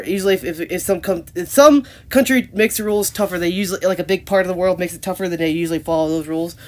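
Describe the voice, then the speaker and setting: A young woman vlogging casually with a stuffed-up nose that makes her voice nasal, rambling and saying "like" a lot. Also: lowish voice. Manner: rambling, heavy use of "like". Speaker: daily vlogger. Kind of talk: casual vlog chat.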